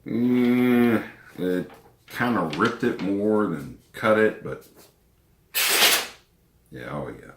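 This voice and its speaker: A man's voice: fairly low pitch, lively intonation, very slow, long pauses, roomy sound, noisy background. Drawling, wry man with a runny nose. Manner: wry, laid-back, chuckles at himself. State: runny nose, clearing his throat often. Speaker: knife reviewer. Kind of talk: casual product review vlog.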